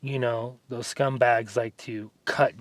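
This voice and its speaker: A man at a middle pitch talks casually through his workout, rambling from one story to the next with plenty of fillers. His voice is close and dry, with no room sound around it. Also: steady tone, slow pace, no echo. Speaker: fitness vlogger. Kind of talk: casual vlog chat during a workout.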